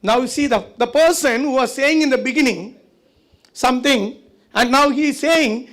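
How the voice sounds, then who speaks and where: A man's voice: extremely high pitch, fairly quick, a bit bright. A man giving a conversational lecture at a conference, often asking the audience rhetorical questions. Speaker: conference speaker. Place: conference hall.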